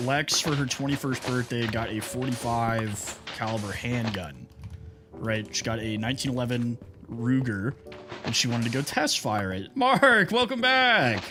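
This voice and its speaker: A man's voice: mid-range voice, measured pace. A young man livestreaming, telling a rambling story to his chat and greeting viewers as they arrive. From United States. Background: music.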